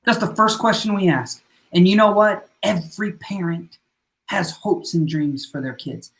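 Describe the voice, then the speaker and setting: In a casual podcast conversation, a school principal earnestly recounts stories and performs the quotes of his students. He has a high, expressive voice that is gravelly and a bit bright, at normal speed.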